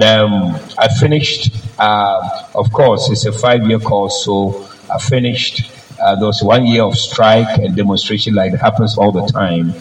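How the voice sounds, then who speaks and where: A man's voice: fairly low pitch, a little hiss or hum. Man preaching in an echoey church. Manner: personal storytelling, calls for amens. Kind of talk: sermon. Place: church service.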